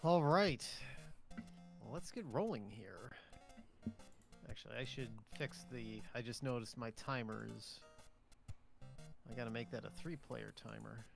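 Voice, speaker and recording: A man's voice: mid-range voice, a little slow, creaky, pauses often, music in the background. A man hosting a casual stream chat, playfully introducing the other players like an announcer. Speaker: host.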